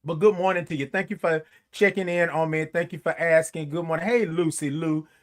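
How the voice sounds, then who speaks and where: A lively man with a high voice hosts a morning livestream, singing out greetings to his live viewers. He is animated, breaking into snatches of song and drawn-out hellos during the casual chat.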